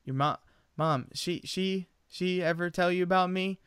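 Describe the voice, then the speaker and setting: A man's voice: high-pitched, a little slow, fairly bright tone, clear, resonant tone, dry recording, clean studio sound. A man imitating an awkward, nerdy male teacher from a film who keeps trailing off mid-sentence. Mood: sulking.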